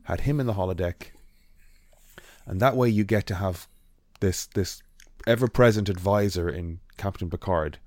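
A man's voice: low-pitched, normal speed, a little mellow, dry recording. A man co-hosting a podcast in casual chat, rambling with frequent ums and restarts. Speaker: podcast co-host.

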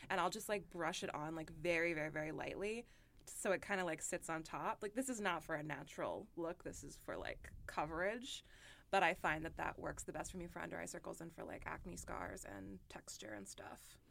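A woman's voice: fairly low pitch, brisk, vocal fry, a bit bright. A young woman co-hosting a podcast, chatting animatedly about makeup with lots of fillers. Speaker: podcast co-host. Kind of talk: casual beauty chat.

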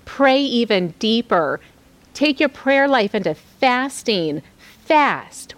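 A woman's voice: on the high side, expressive, takes it slowly. A woman hosting a devotional podcast, teaching scripture in an earnest, exhorting way, repeating phrases for emphasis and adding candid, confiding asides.

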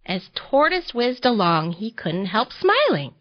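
A woman reads a children's picture book aloud for a library storytime. She takes her time, and her voice rises and falls gently with the story. The audio sounds a little dull. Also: fairly high pitch. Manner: gentle, expressive and unhurried.

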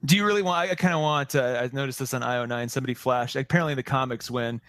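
A man co-hosting a casual podcast, rambling and animated with lots of restarts. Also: medium pitch, very fast. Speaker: podcast co-host. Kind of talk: casual chat about movies.

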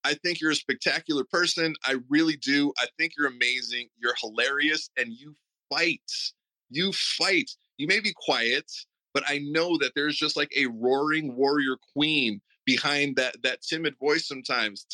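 A man's voice: a little high, pushed and bright, poor audio. A man hosting a support group, speaking earnest, heartfelt words, often stammering and repeating himself. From Puerto Rico. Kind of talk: heartfelt tribute talk. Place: online audio room.

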